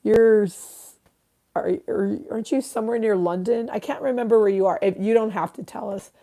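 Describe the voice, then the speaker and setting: Livestream host lady, 30s, mellow darkish voice, swears a lot, rambles through chat comments. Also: medium pitch, normal speed.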